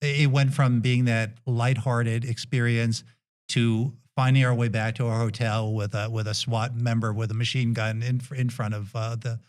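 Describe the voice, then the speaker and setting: Man, Brooklyn accent, middle-aged, nonchalant, gentle, halting podcast storytelling. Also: mid-range voice, little pitch movement, clear, resonant tone. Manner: nonchalant, gentle, many hesitations. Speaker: guest dentist and endurance athlete. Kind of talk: relaxed anecdotal storytelling.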